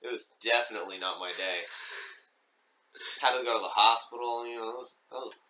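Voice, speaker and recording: A man's voice: mid-range voice, brisk, pushed and bright, rough recording. A young man chatting casually as a guest, laid-back and slangy. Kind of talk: casual chat.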